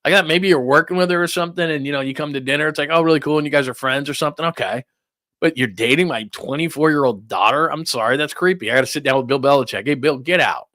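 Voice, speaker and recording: Rambling incredulous middle-aged man, bright tone. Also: a little high, quick pace, no echo, studio quality. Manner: rambling, incredulous, stammering restarts. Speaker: sports talk host. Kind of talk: casual sports talk rant.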